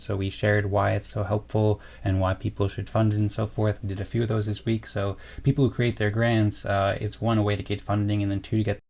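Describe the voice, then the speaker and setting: A young man co-hosts a casual livestream in a low, gravelly voice. His delivery is flat and meandering, full of fillers and restarts as he reads chat comments and rambles on. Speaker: co-host of a livestream.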